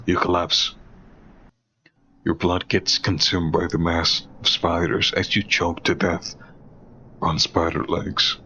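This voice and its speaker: Man, horror story narrator, slow ominous delivery, low bright voice, muffled lo-fi audio with faint hiss. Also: little pitch movement.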